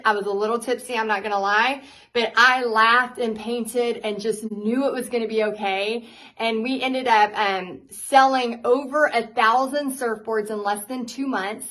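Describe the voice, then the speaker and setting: A woman, a paint party instructor telling her story to viewers in a candid, animated way, laughing often. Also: on the high side, rough recording.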